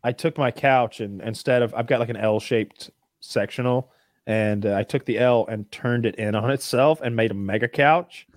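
A man's voice: mid-range voice, normal speed, no room sound, studio quality. A man chatting casually as a co-host, rambling with many restarts and frequent swearing. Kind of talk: casual chat.

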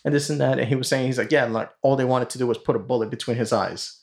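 A man telling a long anecdote on a podcast at a middle pitch. He rambles through constant fillers and drops casual swearing as he goes. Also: steady tone, quick pace. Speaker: podcast host. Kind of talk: casual storytelling.

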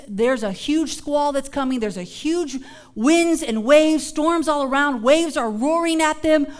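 A woman pastor preaching a sermon in a casual, conversational way, building from hushed moments to emphatic shouts. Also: fairly high pitch.

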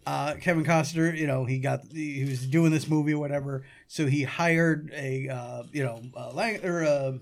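A man with a high voice talks about a film with his friends. He gets worked up and bursts out loudly now and then. The chat is casual and playful. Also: steady tone, normal speed, few pauses. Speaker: podcast co-host.

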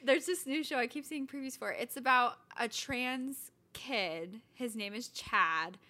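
A woman with a fairly high, bright, crisp voice, chatting casually as a podcast co-host. She tells her stories in a loose, rambling way and laughs often. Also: a little slow. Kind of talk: casual chat.

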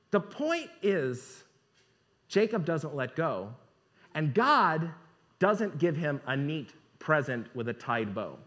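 Animated preacher man asking rhetorical questions. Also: extremely high pitch. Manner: animated, rhetorical questions, reads scripture aloud. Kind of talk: sermon.

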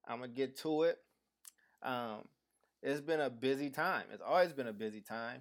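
Male podcast host, 30s, slight lisp, easy mid-pitched casual delivery. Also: moderate pace. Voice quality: slight lisp from dental aligners. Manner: loose, talkative, restarts with slang. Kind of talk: casual live-stream chat.

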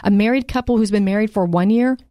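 A woman co-hosting a podcast, chatting casually through a Bible study, slowing down to read scripture and laughing easily along the way. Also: medium pitch, warm tone, dry recording, clean studio sound. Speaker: podcast co-host.

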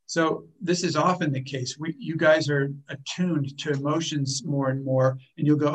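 A man teaching a workshop group in a calm, explanatory way, often repeating words as he thinks. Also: fairly high pitch, moderate pace, few pauses, low-quality recording. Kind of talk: teaching a group, with acted example lines.

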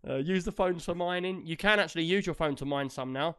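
Excitable man in casual banter. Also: a little high, fast, clean tone. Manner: excitable, laughing, slangy banter. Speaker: podcast co-host. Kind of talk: casual chat.

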